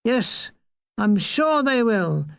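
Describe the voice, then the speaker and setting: A man's voice: extremely high pitch, very animated, extremely slow, gravelly, a bit bright, smooth, no room sound, full character voice. A man voicing a hyperactive balding showbiz promoter in his thirties, all eager salesman patter.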